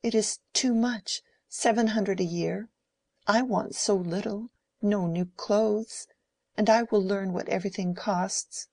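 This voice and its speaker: A woman's voice: mid-range voice, fairly even intonation, slow, dark tone, pitched above the performer's own voice. A woman reader voicing a young woman who pleads in a sobbing, childlike way. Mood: pleading.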